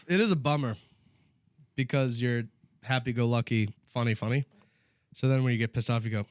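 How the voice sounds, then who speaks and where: A man co-hosting a casual comedy podcast, laughing often and shouting mock-angry bits as he tells stories. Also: mid-range voice, a little fast, pauses often, no echo, studio quality. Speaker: podcast co-host.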